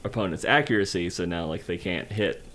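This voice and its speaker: A man's voice: low-pitched, fairly quick, fairly bright tone, slight background noise. A man co-hosting a podcast, telling a story hesitantly with many fillers. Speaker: podcast co-host. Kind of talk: casual chat.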